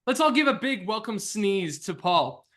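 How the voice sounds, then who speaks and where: A man's voice: sits high, very animated, normal speed, a bit bright. A man hosting as game master, upbeat and chatty, with plenty of "uh" fillers. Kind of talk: casual chat hosting a tabletop game.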